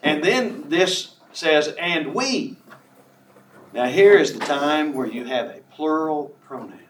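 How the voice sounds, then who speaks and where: A man preaching a sermon, emphatic, who reads scripture slowly and draws out key words. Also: a little high, lively intonation, fairly bright tone, recorded from a distance, a little hiss or hum. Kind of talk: sermon on a Bible passage. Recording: echoey room from off the mic.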